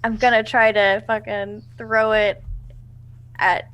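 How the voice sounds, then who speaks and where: A woman's voice: mid-range voice, level tone, slow, fairly bright tone, highs cut off. A woman player in a tabletop game, eager and blunt, swearing now and then. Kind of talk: casual tabletop play.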